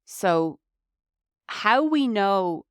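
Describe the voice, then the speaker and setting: A woman's voice: mid-range voice, animated, drawn-out words, smooth, no room sound. An Irish woman co-hosting a podcast, talking reflectively in casual conversation with lots of "you know"s. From Ireland. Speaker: podcast co-host.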